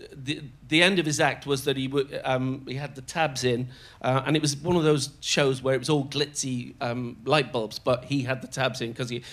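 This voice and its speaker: An older man telling show-business anecdotes as a guest on stage, animated and often laughing as he slips into other people's voices. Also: medium pitch. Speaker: comedian guest. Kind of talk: storytelling anecdotes in conversation. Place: on stage in a theatre before a live audience.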